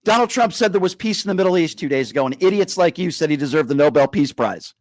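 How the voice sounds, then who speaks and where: A man hosting a live call-in radio show, berating a caller and slowing down to lecture him. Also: a little high, expressive, dry recording, rough recording. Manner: combative, insulting, slows down to lecture. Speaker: radio talk show host.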